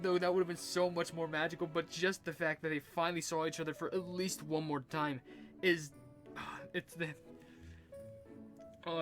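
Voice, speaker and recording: A young man gives casual gameplay commentary in a slightly high voice. He rambles earnestly with lots of fillers while faint game music plays underneath. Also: a bit bright. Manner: rambling, full of likes, earnest and emotional. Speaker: gaming YouTuber.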